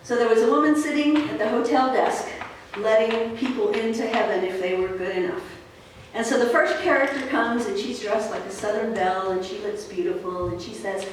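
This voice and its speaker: A woman pastor preaching a sermon in a relaxed, conversational storytelling way, with fillers. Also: a little high, moderate pace, noisy background. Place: church sanctuary. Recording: echoey church hall from far off.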